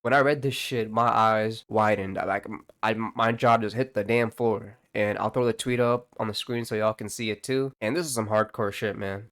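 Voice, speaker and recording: A man's voice: on the low side, steady tone, moderate pace, hardly any pauses, a bit bright. Young man ranting with slangy banter. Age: young adult. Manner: profane slangy banter, lots of "bro" and "like". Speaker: YouTube commentator. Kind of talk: casual commentary vlog.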